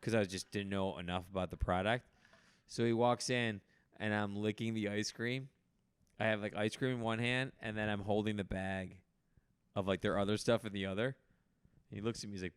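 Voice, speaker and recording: A man's voice: fairly low pitch, steady tone, brisk, clear, resonant tone, dry recording. A man born in the United States, hosting a podcast, telling comedic stories in casual chat and laughing mid-sentence. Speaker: podcast host.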